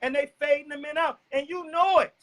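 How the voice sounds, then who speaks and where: A man preaching a loud, profane sermon and cueing a scripture reader. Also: extremely high pitch, fairly even intonation, a little fast, low-quality recording. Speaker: street preacher. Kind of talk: fiery street sermon.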